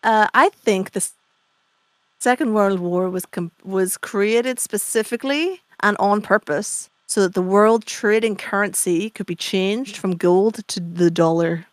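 A chatty, opinionated woman holding forth in casual podcast talk over a video call. She explains with gusto, her voice at a middling pitch for a woman. The sound is dry and close. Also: unhurried, no echo. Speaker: podcast co-host. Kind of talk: casual chat.

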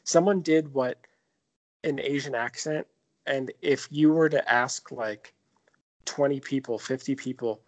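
A man's voice: mid-range voice, moderate pace. A man in his thirties co-hosting a podcast, joking and swearing through loose casual chat. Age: 30s. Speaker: podcast co-host.

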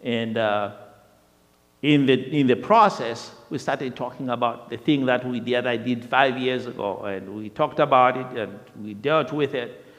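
A man telling a personal testimony in a lively storytelling way, often repeating himself, with the long reverb of a large hall. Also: medium pitch, measured pace. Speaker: speaker sharing a testimony.

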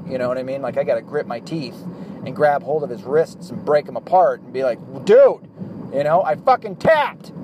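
A man in his thirties talking casually about fatherhood, blunt and profane, rambling with lots of fillers. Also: medium pitch. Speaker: dad vlogger. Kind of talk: casual monologue to camera. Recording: outdoor traffic noise behind.

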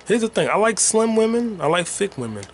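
A man's voice: sits high, big pitch swings, a little fast, slight background noise. A man hosting a rambling solo podcast while gaming, talking loosely and profanely with sing-song asides. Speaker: podcast host.

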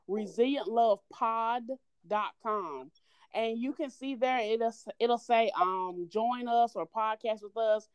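A woman's voice: fairly high pitch, slow, clear, resonant tone, dry recording. A woman from North Carolina with a Southern accent, guesting on a podcast and talking with bubbly enthusiasm. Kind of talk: casual interview.

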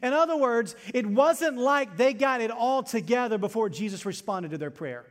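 A male pastor preaches a sermon with passion and drives his points home by repeating phrases. His voice sits on the high side. It rings through a large sanctuary with a long reverb tail. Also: lively intonation, normal speed. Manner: impassioned, repetitive preaching with rising intensity. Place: church sanctuary.

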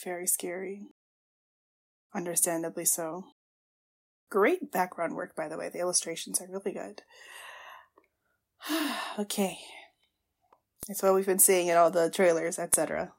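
A woman podcast host gushing through a casual watchalong, with excitable reactions, gasps and exclamations, and tearful at times. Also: lowish voice, moderate pace, creaky, pauses often.

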